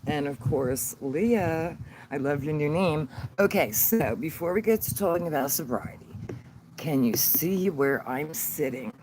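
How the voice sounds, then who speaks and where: A man chats on a phone livestream outdoors, rambling and stopping often as he works out the settings. His voice sits a bit high and moves slowly. Passing cars and outdoor hum stay clearly audible under it. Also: animated. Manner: rambling, halting, fumbling with the phone. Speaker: channel host on sobriety. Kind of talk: casual livestream chat. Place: outdoors in a sunny yard. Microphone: phone held by the speaker. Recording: outdoor phone stream with road noise.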